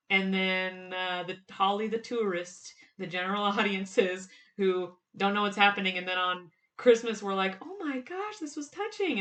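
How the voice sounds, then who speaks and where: A woman giving casual, excited fan commentary on a TV show, laughing often and quoting lines in quick bursts. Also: mid-range voice.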